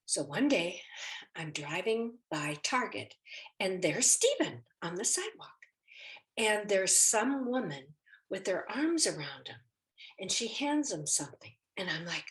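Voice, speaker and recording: A woman shares a personal faith story with a lot of feeling. Her pitch swings widely as she acts out the people in it. She is recorded in an echoey room. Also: lively intonation, unhurried.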